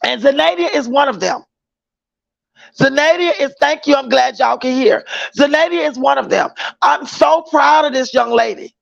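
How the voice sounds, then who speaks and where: Woman livestream host, very gravelly high voice, dry lo-fi sound, greets viewers by name, loose slangy chat. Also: normal speed.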